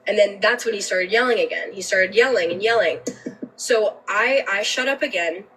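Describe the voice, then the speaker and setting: A woman's voice: medium pitch, normal speed, fairly bright tone, recorded from a distance, slight background noise, poor audio. A woman telling a personal story on a livestream, emotional and candid, swearing freely and often restarting her sentences.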